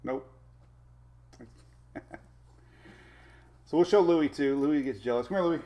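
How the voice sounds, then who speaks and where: A man's voice: fairly high pitch, animated, slow pace, pauses often, dark tone. A man hosting a casual weather live stream from home, rambling as he reads out viewer names and talks to his puppies. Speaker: weather show host.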